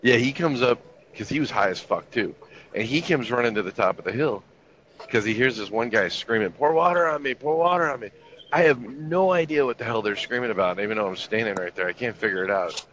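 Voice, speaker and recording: Man in his 50s, low-voiced, easygoing storyteller swearing freely; dull lo-fi recording with faint room hum. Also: fast, fairly bright tone. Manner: laid-back, profane, wry anecdotal delivery. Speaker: guest telling army stories. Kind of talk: casual storytelling chat.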